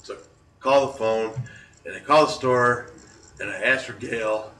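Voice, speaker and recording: Podcast host, man in his forties, animated anecdotes; bright voice heard from a set-back mic. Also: medium pitch, a little slow. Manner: animated, laughs through stories. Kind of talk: casual storytelling. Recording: roomy, distant mic.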